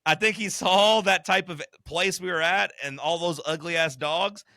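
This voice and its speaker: A man's voice: high-pitched, measured pace, gravelly, sharp tone, dry recording, clean studio sound. A man co-hosting a podcast in casual chat, blunt, profane and joking. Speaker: podcast co-host.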